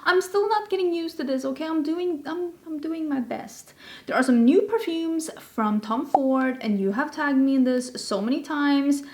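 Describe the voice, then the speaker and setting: A woman's voice: high voice, normal speed, darkish tone. A woman hosting a casual beauty vlog, chatty and rambling, with self-deprecating asides. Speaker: beauty vlogger host. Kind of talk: casual chat.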